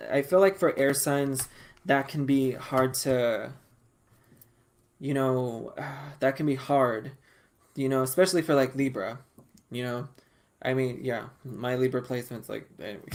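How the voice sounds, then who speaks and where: A man giving a casual collective tarot reading, talking in a sassy, profane and animated way and calling listeners honey. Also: mid-range voice. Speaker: tarot reader.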